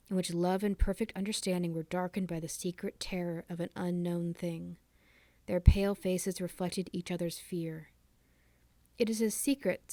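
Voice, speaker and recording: A woman reading a ghost story aloud for a library storytime, slow and measured, often dropping to a whisper. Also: fairly low pitch, warm tone, dry recording.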